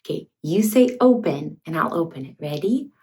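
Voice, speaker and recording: A young woman hosting a toddler learning video, talking in a slow, exaggerated sing-song way and playfully making animal sounds. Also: low-pitched, expressive, a little mellow. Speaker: children's educational host.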